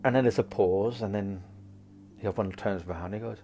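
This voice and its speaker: A man's voice: on the low side, steady tone, quick pace, dark tone, slight background noise. Rambling man reading oracle cards. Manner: rambling, jokey, goes off on tangents. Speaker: psychic card reader, host. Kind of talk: casual oracle card reading chat.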